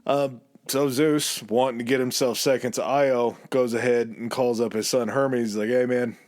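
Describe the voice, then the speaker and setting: A man's voice: mid-range voice, steady tone, moderate pace, darkish tone. A man co-hosting a podcast, retelling myths as crude, jokey casual storytelling and laughing often. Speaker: podcast co-host.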